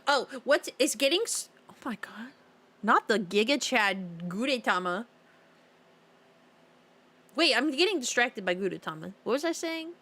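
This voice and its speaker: A woman's voice: a little high, lively intonation, measured pace, long pauses, sharp tone. A young woman streaming a game, chatting casually with her viewers, giggling often and drifting off topic as she reads their comments aloud. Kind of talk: casual live-stream chat while playing.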